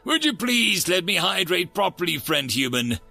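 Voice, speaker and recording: A man's voice: big pitch swings, moderate pace, gravelly, bright, forceful tone, faint music behind, heavily acted. A man voicing a small alien ambassador with a hollow voice and a very formal, courteous way of speaking. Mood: polite. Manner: formal, courteous, high-pitched.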